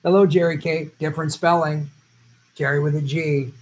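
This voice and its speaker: A man's voice: on the high side, level tone, moderate pace, rough recording. A middle-aged man hosting a casual stream, reading viewer comments aloud and answering them with loose, rambling jokes. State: vegetarian who travels for work. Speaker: host answering viewer questions. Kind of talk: casual live-stream chat.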